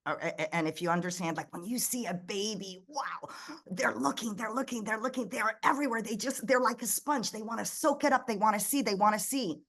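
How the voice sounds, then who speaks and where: A middle-aged woman, a ministry founder raised in the United States, telling stories as an interview guest in a lively way, often restarting her sentences. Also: medium pitch, a little fast. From Egypt, raised in the United States. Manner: animated storyteller, frequent restarts and quoted dialogue. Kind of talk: conversational interview.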